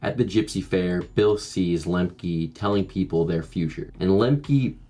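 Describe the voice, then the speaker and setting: Low-voiced sarcastic man reviewing a movie. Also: measured pace, mellow, soft background music. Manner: sarcastic, joking asides. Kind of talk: comedic movie commentary.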